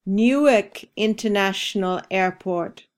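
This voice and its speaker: Slow, clear-voiced woman teaching English. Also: medium pitch. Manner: slow, carefully enunciated repetition. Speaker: ESL podcast teacher. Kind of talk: scripted language drill.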